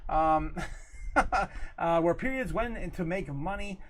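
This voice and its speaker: A man's voice: sits high, expressive, takes it slowly, a bit bright, a little hiss or hum. A man hosting a casual livestream, rambling loosely, reading viewer comments aloud and laughing often between lines. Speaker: livestream host.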